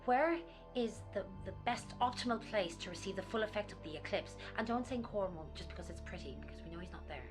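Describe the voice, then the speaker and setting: An actress with an Irish accent playing a rambling, conspiracy-minded woman in a game, ranting fast about cover-ups. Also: medium pitch, lightly acted. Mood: worried. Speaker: game character. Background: game music.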